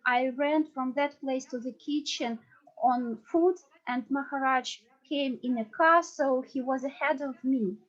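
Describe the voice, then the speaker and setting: A woman telling a personal memory as a disciple at a devotional gathering, in an earnest, halting way with frequent restarts. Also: sits high, muffled recording.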